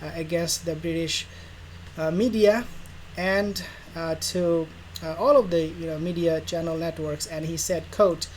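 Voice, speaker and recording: Unhurried and fairly even in intonation, the mid-range voice belongs to a royal news vlogger who rambles with casual sarcasm and stages made-up exchanges. The audio is poor, with faint background noise.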